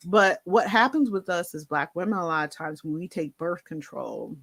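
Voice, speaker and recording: Woman vlogger, lowish voice, candid chatty storytelling, dry close sound. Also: animated, normal speed, a bit bright, no room sound. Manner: candid, conversational, many fillers and asides. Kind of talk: personal storytelling to camera.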